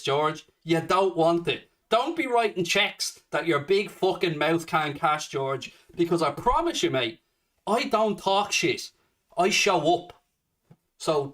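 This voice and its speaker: A man's voice: on the high side, expressive, measured pace, fairly bright tone, distant mic. Swearing man ranting on a livestream. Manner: swears a lot, confrontational rant at a commenter. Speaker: livestream host. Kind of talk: casual fan livestream chat.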